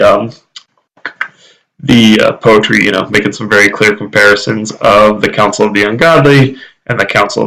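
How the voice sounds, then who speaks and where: Halting low gravelly man teaching. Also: fairly bright tone, rough recording. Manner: thinking aloud, halting with many fillers; slows down to read phrases word by word. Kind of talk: casual Bible language lesson.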